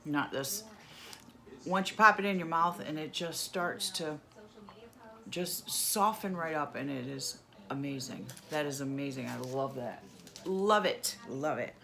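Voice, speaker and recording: A woman's voice: low-pitched, vocal fry, pushed and bright. A woman from New York State doing a candy taste-test vlog, savoring each bite and humming with delight. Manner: slow, savoring, lots of happy humming. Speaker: vlogger.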